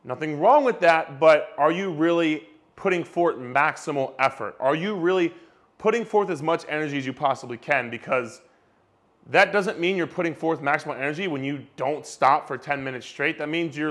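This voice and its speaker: Young fitness guy ranting at the camera, kinda high voice, swears a lot, hammers the same point. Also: fairly bright tone. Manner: emphatic, repetitive, swears casually. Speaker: fitness coach. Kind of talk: direct-to-camera fitness rant.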